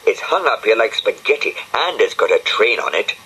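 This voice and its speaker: Man doing a storybook dog: grumpy, pompous, bright-edged and lively in pitch. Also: moderate pace, husky, exaggerated voice, low-quality recording. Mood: indignant. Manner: huffy, pompous, scolding. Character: grumpy pompous male dog with Scottish pride.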